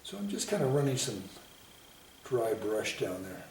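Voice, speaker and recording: A man giving a painting lesson, talking himself through each stroke in an unhurried, self-commenting way. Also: medium pitch, sing-song, gravelly, a little mellow. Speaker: painting instructor. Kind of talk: painting demonstration. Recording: echoey room, mic at a distance, faint hiss.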